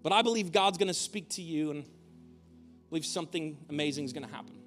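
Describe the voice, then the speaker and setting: A man's voice: on the high side, a little fast, fairly bright tone, faint music behind. A male pastor preaching a sermon in a church, conversational, with humorous asides. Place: church auditorium.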